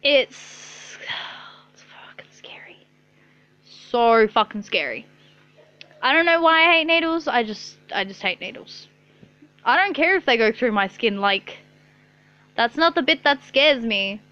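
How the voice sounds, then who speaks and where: A woman's voice: on the high side, expressive, unhurried, pushed and bright, clear, resonant tone, no room sound, highs cut off. A young woman telling a rambling story to her camera in her bedroom, swearing often and saying "like" a lot. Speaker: vlogger. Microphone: own camera.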